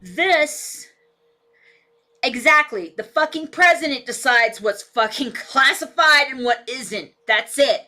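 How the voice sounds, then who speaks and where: A woman's voice: high voice, expressive, slow, sharp tone. A woman live-streaming casual commentary from a cluttered home room on a desk mic, blunt and swearing often. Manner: blunt, heavy swearing, talks back to her dog. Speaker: political live-stream vlogger. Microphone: desk microphone with camera. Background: dog barking and moving.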